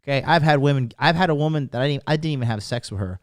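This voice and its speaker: Brash, profane man with a smooth voice. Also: mid-range voice, very fast, dry recording, clean studio sound. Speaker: podcast host. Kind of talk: casual podcast monologue.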